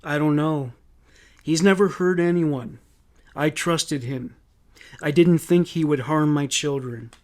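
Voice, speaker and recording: A man reading out the pleading answers of a distraught mother under police questioning, in a fairly high voice. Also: takes it slowly. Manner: pleading, broken questioning answers read aloud.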